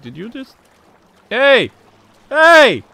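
A man's voice: a little high, very animated, measured pace, dry recording, faint music behind. A gaming streamer putting on an exaggerated Russian accent for a goofy male tough guy, talking in broken grammar. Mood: yelling playful. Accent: Russian, put on and exaggerated. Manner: broken grammar, loud playful yelling.

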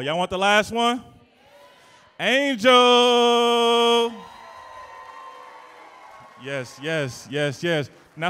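A man hosting a live event, working the crowd in a loud, teasing, playful way with sudden shouts. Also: fairly high pitch, clean tone. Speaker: event host and emcee. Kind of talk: live hype emcee to a crowd. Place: live event venue indoors. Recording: long reverb of a big event hall.

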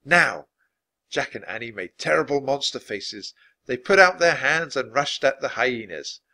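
Expressive man reading a children's book. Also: moderate pace. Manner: expressive, dropping low for narration. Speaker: storybook reader.

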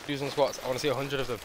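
A man's voice: mid-range voice, noisy background. A male streamer on a live gaming stream, barking playful mock-menacing commands at another player. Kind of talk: live gaming stream with bossy role-play. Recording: game sounds and gunfire behind.

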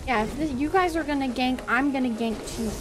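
A woman streaming a video game, chatting casually with her chat, swearing and swinging between loud yelps and quiet mumbles. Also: sits high, fairly quick, over music. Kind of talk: casual gaming commentary.

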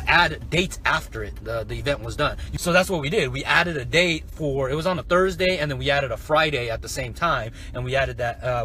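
A man telling a casual story about a sales webinar in an animated way, often checking in with "right?". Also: mid-range voice, a little hiss or hum. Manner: animated, keeps asking "right?". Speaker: online entrepreneur.

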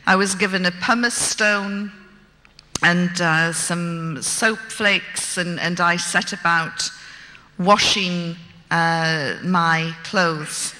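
A woman's voice: lowish voice, fairly even intonation, takes it slowly, bright, forceful tone. A woman telling a story of her own experience to an audience with wry, dry gallows humour. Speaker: speaker recounting her captivity. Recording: long hall reverb.

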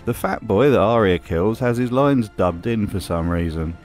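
A man's voice: on the low side, animated, normal speed, darkish tone, faint music behind. A man from Britain reading scripted commentary, with wry and mocking asides. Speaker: video essay host.

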